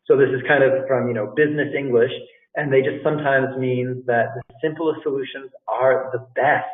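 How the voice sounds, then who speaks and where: A man's voice: medium pitch, steady tone, normal speed. A middle-aged man, an English teacher, giving casual interview tips to learners, repeating phrases and calling his listeners "guys". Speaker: English teacher and language school director. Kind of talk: live talk on job interview tips. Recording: echoey room, distant tinny phone-like sound.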